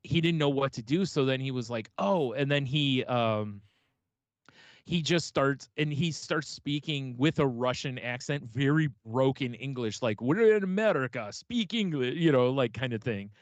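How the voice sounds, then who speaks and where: A man's voice: mid-range voice, moderate pace, no room sound, highs cut off. A man co-hosting a casual podcast, rambling through stories, laughing often and acting out quotes. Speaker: podcast co-host. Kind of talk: casual chat.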